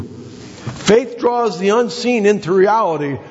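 A male pastor preaching a sermon in a church, building to excited, emphatic exhortations with repeated phrases. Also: high voice, takes it slowly. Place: church sanctuary. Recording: dull sound with long hall reverb.

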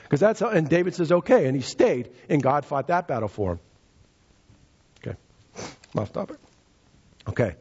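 A man's voice: a little high, big pitch swings, fairly quick, long pauses, a little mellow, breathy edge. A man preaching a sermon, retelling scripture in casual speech and repeating key phrases for emphasis. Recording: dull lo-fi recording.

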